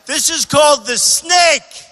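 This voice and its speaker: A man from New York giving a campaign rally speech in a large arena, speaking loudly in short, repeated phrases into a podium microphone. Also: slow pace. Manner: loud, repetitive short phrases to a crowd. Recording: booming echo of a big arena.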